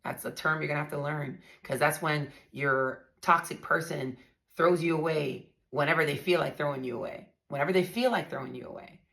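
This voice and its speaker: The podcast host, a woman with a deep, fairly bright voice and vocal fry, speaks a little fast as she tells her own story. She's blunt and emphatic, addressing listeners directly in a candid monologue.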